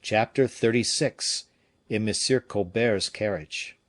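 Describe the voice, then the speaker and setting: Male audiobook narrator, steady and measured, classic-novel reading. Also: lowish voice. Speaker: audiobook reader.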